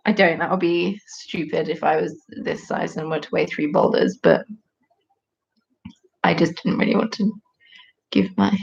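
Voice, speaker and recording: A woman's voice: lowish voice, lo-fi sound. A British woman from the UK, hosting a casual live stream with a chatty, jokey, rambling manner. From United Kingdom.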